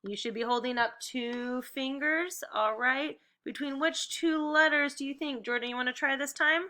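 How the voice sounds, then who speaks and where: A woman teacher with a very bright, sharp-edged voice pitched a touch high leads first graders through phonics drills. She calls out sounds slowly and crisply and cheers them on as they go. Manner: slow, clearly enunciated drill prompts; encouraging, upbeat praise. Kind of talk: phonics lesson video for students at home.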